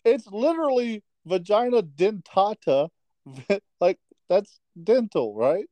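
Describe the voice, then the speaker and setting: A man's voice: high-pitched, very animated, takes it slowly, mellow, no echo. A man co-hosting a podcast in casual chat, wry and teasing, laughing often. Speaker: podcast co-host.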